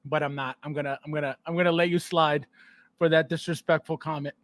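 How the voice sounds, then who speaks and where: A man's voice: fairly high pitch, steady tone, fast, no room sound. A man hosting a casual livestream, greeting viewers by name and laughing often. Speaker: podcast host.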